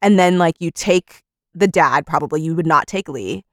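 A young woman co-hosting a casual book podcast, lively, acting out characters in quick put-on voices and laughing often. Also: sits low, no echo, studio quality. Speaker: podcast co-host. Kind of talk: casual book-club chat.

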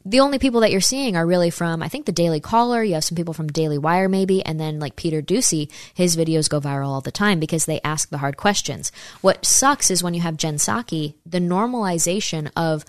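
A woman's voice: fairly low pitch, fairly quick, no echo, clean studio sound. A woman hosting opinionated political commentary, sarcastic and incredulous, reading passages from articles aloud.

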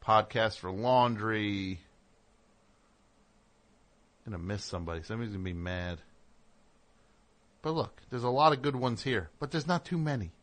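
A man's voice: lowish voice, animated, moderate pace, pauses often, fairly bright tone. A middle-aged man hosting a radio show, talking in a digressive, self-interrupting monologue with sarcastic asides. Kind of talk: rambling on-air monologue.

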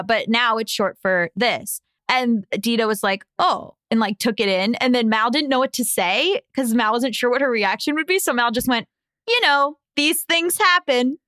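A woman's voice: fairly high pitch, a bit bright, no room sound. A woman co-hosting a podcast in casual chat, a chatty storyteller who laughs often. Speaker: podcast co-host.

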